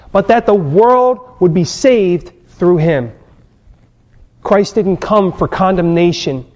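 A man's voice: sits high, a little mellow. A man preaching a sermon, telling personal stories and repeating his key phrases with emphasis. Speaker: pastor.

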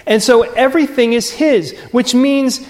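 High-voiced preacher in an echoing hall. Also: male voice, darkish tone. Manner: earnest preaching with repeated phrases and emphatic pauses. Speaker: pastor. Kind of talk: sermon. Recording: long reverb of a large hall.

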